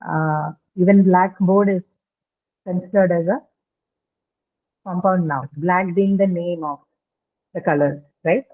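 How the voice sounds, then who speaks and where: A woman's voice: on the low side, steady tone, slow pace, long pauses. A woman teaching an online lesson, explaining patiently and checking in with "right?". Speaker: English teacher. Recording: tinny phone-like call audio.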